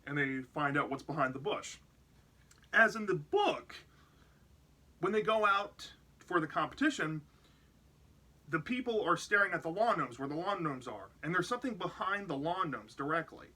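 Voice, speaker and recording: A man's voice: a little high, bright, forceful tone. A man casually retelling a story's plot as a book reviewer, rambling with many fillers and restarts.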